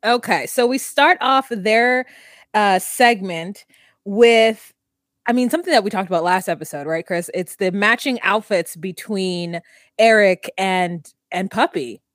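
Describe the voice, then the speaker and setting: A woman's voice: medium pitch, a little slow, no echo, studio quality. A woman co-hosting a casual podcast recapping a reality TV show, rambling with lots of fillers and wandering tangents. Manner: rambling, filler-heavy, worried musing. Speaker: podcast co-host.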